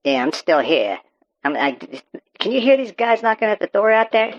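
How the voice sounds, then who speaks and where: This take has a very animated mid-range voice at normal speed, natural in character, with a little hiss or hum in the background. The performer, as a paranoid rural farmer interviewed by a call-in show, rambles and stammers through a profane super-pig rant over dull, muffled audio.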